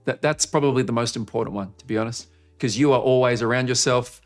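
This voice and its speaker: Man coaching live to camera. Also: fast. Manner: energetic, swings pitch up and down to show a point. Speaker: marketing coach. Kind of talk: live online training session. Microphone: speaking to camera.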